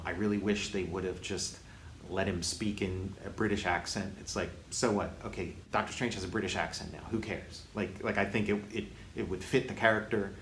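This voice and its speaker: A man hosting a casual movie review, halting often with restarts and fillers. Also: lowish voice. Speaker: host, film reviewer. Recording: echoey room with faint hiss.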